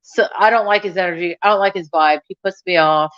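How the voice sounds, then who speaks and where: Speaking a little fast, a young adult YouTube host has a fairly low, clear voice with a resonant tone. She's in a casual live chat with her viewers, frank and scattered, with lots of laughter, recorded in dull lo-fi sound.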